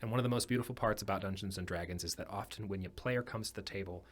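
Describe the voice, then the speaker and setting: A man's voice: lowish voice, very fast, slight background noise. A man from North Carolina, a guest on a podcast, talking in a reflective, earnest way with many fillers. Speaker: podcast guest, artist and dungeon master. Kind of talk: casual podcast chat.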